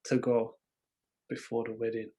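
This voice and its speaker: A man hosting an interview, asking calm, encouraging questions of his guest. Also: mid-range voice, normal speed, slight background noise. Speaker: interview host.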